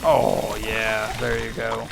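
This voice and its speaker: A man hosting a movie reaction video, swearing and talking back at the screen in casual, excitable commentary. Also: on the low side, slow, creaky. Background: film soundtrack music.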